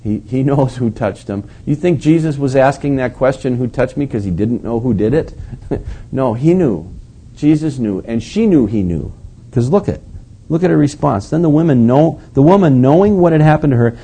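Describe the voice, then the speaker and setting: A man's voice: mid-range voice, expressive, moderate pace, mellow, breathy edge. A male pastor preaching a sermon in a storytelling way, acting out the quotes and chuckling often.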